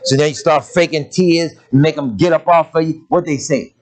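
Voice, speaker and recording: A man's voice: fairly high pitch, normal speed, faint music behind. An older man preaching a sermon, telling family stories and briefly mimicking the voices of his parents and grandmother.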